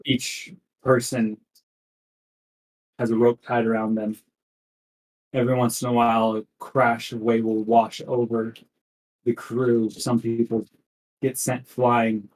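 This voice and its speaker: A male game master narrates a tabletop game at an unhurried, measured pace. His voice sits in a middle pitch, and he builds the scene in careful steps. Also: little pitch movement, darkish tone, rough recording. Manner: slow, deliberate scene-setting.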